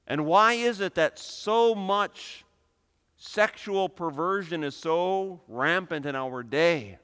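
A man preaching a sermon with emphatic delivery, building to loud, impassioned peaks. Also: sits high, slow pace, smooth. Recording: long reverb of a hall.

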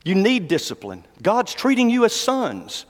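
High-voiced preacher in a reverberant hall. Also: male voice, wildly swooping pitch. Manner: folksy, conversational preaching, reads scripture slowly. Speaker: pastor. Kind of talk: sermon.

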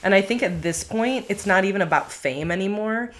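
A woman's voice: mid-range voice, fairly quick. A young woman chatting on a podcast, rambling and reflective, leaning on lots of "like" fillers. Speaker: podcast co-host, YouTuber. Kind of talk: casual podcast chat.

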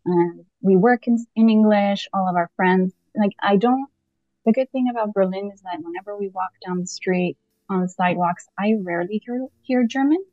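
A woman's voice: mid-range voice, normal speed, no room sound. Chatty young woman on dull call audio. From Canada. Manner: chatty, animated, with frequent fillers and laughs. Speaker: podcast guest. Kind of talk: casual conversation.

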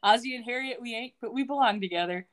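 A woman's voice: on the high side, fast talker. A woman co-hosting a podcast, recapping a TV episode in casual chat, laughing often and quoting the characters. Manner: laughs often, retells scenes in quoted voices. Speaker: podcast co-host.

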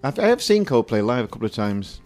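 Male radio co-host, mid-pitched, banter-heavy, faint music bed. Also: very animated, fast talker, a little mellow. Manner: jokey, rambling, laughs often. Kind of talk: casual chat between music plays.

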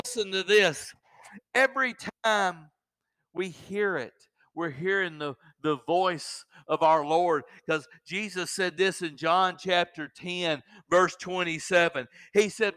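A man's voice: high-pitched, sharp tone, clear, resonant tone, no echo. A man preaching a sermon, often repeating words as he builds up.

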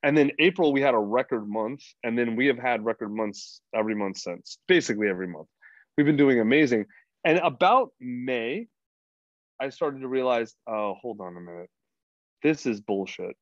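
A man's voice: medium pitch, expressive, moderate pace, no room sound. Blunt, profane man on a podcast. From United States. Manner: blunt, profane and rambling, with many restarts. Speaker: podcast guest. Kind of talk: freewheeling casual conversation. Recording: dry, dull lo-fi sound.

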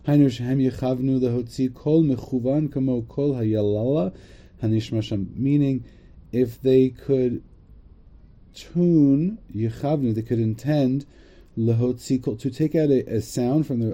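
A man with a very dark, mellow voice reads a text aloud and talks it through. He goes slowly and halts often, restarting phrases as he translates bit by bit, in a loose, casual study tone. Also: fairly low pitch. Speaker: teacher reading and translating a Hebrew text.

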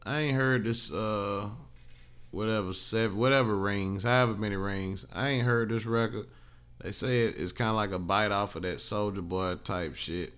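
A young man talks alone into his podcast mic, blunt and heavy on profanity as he rants through the week's topics. His voice sits low and comes across smooth and clear. He sounds a little tired, yawning between points after a flight. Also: fairly even intonation, moderate pace, fairly bright tone. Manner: blunt, profane, conversational ranting. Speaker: podcast host. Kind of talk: solo podcast commentary.

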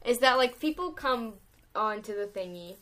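A woman's voice: on the high side, expressive, normal speed, fairly bright tone. Rambling young woman making predictions. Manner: rambling, playfully speculative. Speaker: podcast co-host. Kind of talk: casual chat.

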